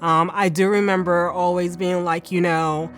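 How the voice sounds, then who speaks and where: Woman, fairly low pitch, recounting her own experience in a relaxed conversational testimony with lots of fillers, soft music underneath. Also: normal speed. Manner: conversational, with many fillers and restarts. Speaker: cancer survivor giving a testimony. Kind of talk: casual personal testimony.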